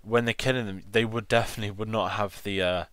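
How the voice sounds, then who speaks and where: A man co-hosting a casual film review chat, enthusiastic and halting, repeating words. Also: lowish voice, steady tone, a bit bright, no room sound. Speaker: film club co-host.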